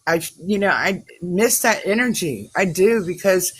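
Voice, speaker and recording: A woman's voice: fairly low pitch, expressive, a little slow, breathy edge, poor audio. A woman chatting on a group call, rambling and emotional, with many fillers and restarts. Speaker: class participant. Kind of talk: casual chat on a group call.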